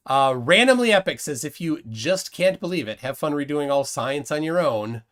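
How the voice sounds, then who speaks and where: A man hosting a casual live stream, his pitch rising and falling. He reads viewer comments aloud and keeps questioning his guest. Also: lively intonation, moderate pace, fairly bright tone. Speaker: host.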